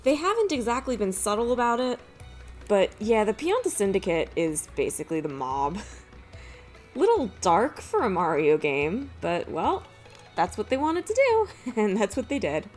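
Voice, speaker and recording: A woman's voice: mid-range voice, big pitch swings, moderate pace, darkish tone, faint music behind. A young woman hosting a let's play, chatting casually about the game and laughing often. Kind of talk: casual gameplay commentary.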